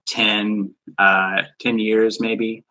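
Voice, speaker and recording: A male podcast guest with a strikingly bright, forceful voice, pitched fairly low. He explains things in a relaxed, casual way and peppers his speech with "like". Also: very slow, rough recording. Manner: relaxed, explanatory, uses "like" a lot. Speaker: podcast guest, live event designer. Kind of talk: casual chat.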